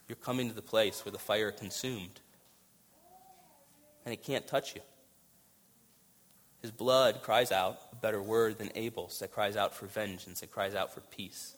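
A man preaching a sermon, moving between hushed, quiet passages and loud, emphatic rises, with casual conversational asides mixed in. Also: mid-range voice. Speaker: pastor.

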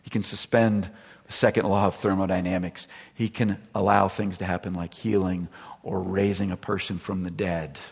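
A middle-aged pastor delivers a sermon, recounting a personal story conversationally and acting out the voices he quotes. His voice is deep and level, with a creaky, breathy edge, at a moderate pace. A large room adds long reverb.

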